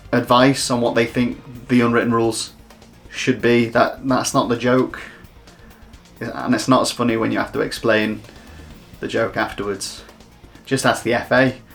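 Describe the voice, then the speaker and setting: A man's voice: medium pitch, gravelly, a bit bright. Male host with a mid-range voice, delivers a wry comedic monologue with self-mocking asides. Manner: jokey, self-deprecating. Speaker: host of a refereeing round-up show.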